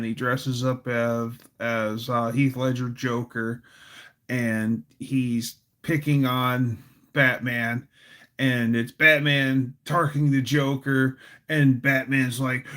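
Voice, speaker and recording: A goofy, playful man hosting a casual livestream. He talks unhurriedly, with a middle-pitched voice. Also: a bit bright. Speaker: livestream host.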